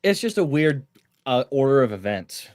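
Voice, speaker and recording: A man's voice: medium pitch, very animated, normal speed, no echo, studio quality. A man co-hosting a casual podcast, joking crudely. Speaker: podcast co-host.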